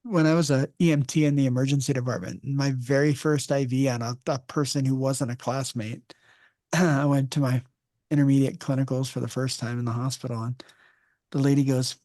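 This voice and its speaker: A male podcast host in a casual interview, telling relaxed stories with jokes. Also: mid-range voice, normal speed, no echo, clean studio sound. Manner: relaxed storyteller who jokes.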